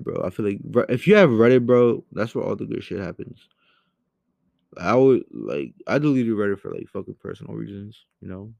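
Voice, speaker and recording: A young man giving a heated, profane rant into a home microphone, swinging between loud outbursts and low muttering. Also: expressive, moderate pace, gravelly, no echo. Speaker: commentary host. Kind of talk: angry ranting commentary.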